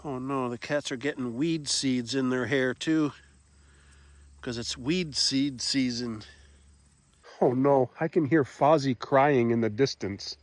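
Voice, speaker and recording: A man's voice: slow, no echo. A man narrating a casual farm vlog outdoors, talking fondly to his animals. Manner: talks fondly to his cats in a high coaxing voice. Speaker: farm vlogger.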